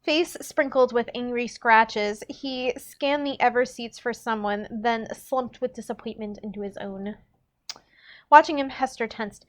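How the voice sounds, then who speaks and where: A young woman with a fairly high voice reads a novel aloud to friends. She leans into the dialogue, drawing out lines with lively emphasis. Between passages she slips into easy, chatty talk. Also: moderate pace. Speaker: teacher and book-club co-host reading aloud. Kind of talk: casual read-aloud with chat.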